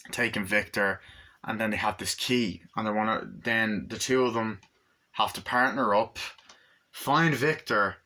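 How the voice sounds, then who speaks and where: A man talks through a film in a relaxed, rambling review, swearing casually as he goes. His voice sits a little low yet sounds bright, and his delivery stays flat and even. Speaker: movie reviewer.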